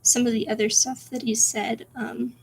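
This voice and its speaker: A woman streamer reading her own spooky story aloud, soft and whispery, with giggly asides to chat. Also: on the high side, level tone, moderate pace, a little hiss or hum.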